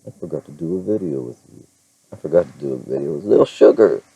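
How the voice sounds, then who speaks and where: Deep-voiced man, rambling casual vlog. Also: lively intonation, fast talker, creaky, dark tone, slightly rough, lo-fi sound. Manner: rambling, self-interrupting, chuckles often. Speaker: vlogger. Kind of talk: casual vlog talk to camera.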